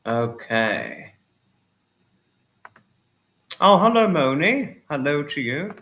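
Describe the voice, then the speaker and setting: A man's voice: a little high, very animated, very slow, pushed and bright. Effusive man hosting a livestream. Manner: effusive, greets and thanks viewers by name, with many apologies. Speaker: livestream host. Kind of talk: casual livestream chat reading viewer comments.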